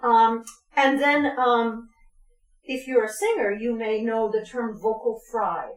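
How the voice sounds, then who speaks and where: A woman's voice: a little high, fairly even intonation, slow. A woman leading a vocal workshop, talking informally with lots of ums and laughs, and breaking into short sung demonstrations. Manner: chatty, laughs often, many ums, demonstrates sounds. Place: community music space, roomy. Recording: echoey room.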